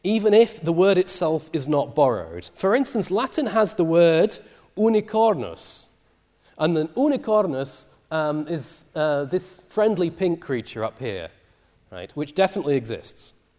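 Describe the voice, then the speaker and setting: Lively man lecturing in a reverberant hall. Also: a little high, unhurried. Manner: lively, many fillers. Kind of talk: university lecture.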